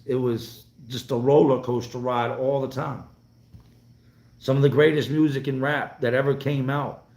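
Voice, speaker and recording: A man in his forties from North Carolina talks loosely and bluntly to his live-stream viewers, swearing freely as he rambles through their comments. His voice sits at an ordinary middle pitch. The room gives it a noticeable echo. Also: vocal fry. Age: 40s. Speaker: vlogger hosting a live stream. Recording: roomy echo.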